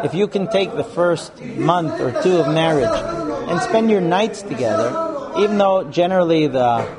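A man teaching a live class on marriage, talking frankly and acting out couples' lines in put-on voices. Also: on the high side. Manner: animated, acts out quoted couples. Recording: live room with audience noise.

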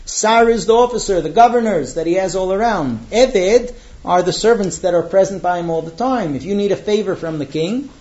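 A man teaching a Torah class, chanting the Hebrew verses slowly before translating them and telling the story with acted-out dialogue. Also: sits high, a little mellow, highs cut off.

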